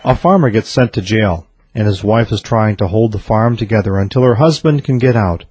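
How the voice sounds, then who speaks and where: A man reading a series of jokes aloud in a steady storytelling delivery. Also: lowish voice, brisk, breathy edge, no room sound. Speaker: joke teller.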